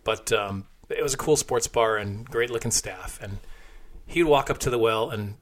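A man's voice: lowish voice, normal speed. A man hosting a podcast, telling a rambling, crude anecdote with frequent laughs and fillers.

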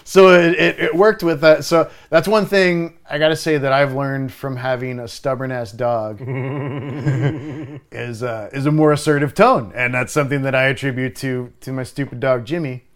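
A young adult man speaks in a casual, storytelling way. He swears freely and gets loud and animated when he acts out his own lines. His voice sits in an ordinary middle range. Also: mid-range voice, moderate pace. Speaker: bartender.

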